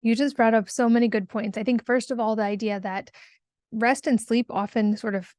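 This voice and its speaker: A woman's voice: fairly high pitch, fairly even intonation, moderate pace, a little mellow, dry recording, studio quality. A woman podcast host asking a long, thoughtful interview question with fillers. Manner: thoughtful, talks in long winding sentences with fillers.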